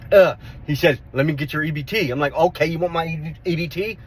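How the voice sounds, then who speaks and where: A middle-aged man telling a street fight story in a casual vlog, rough-spoken, swearing and repeating himself as he goes. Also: a little high, fairly quick. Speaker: vlogger.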